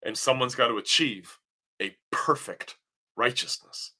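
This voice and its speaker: Male pastor, sermon delivery, bright piercing tone, emphatic question-and-answer style. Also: medium pitch, measured pace, breathy edge. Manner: emphatic, rising to near-shouts on key points; asks questions then answers them.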